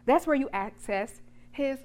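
A woman preacher retelling a Bible story in a sermon, dramatic and lively with touches of humor. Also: sits high, unhurried.

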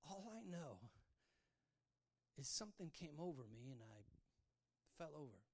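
A man preaching a sermon, telling his own story, his voice swinging from hushed to loud. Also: fairly high pitch, sing-song, a little slow. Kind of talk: sermon testimony.

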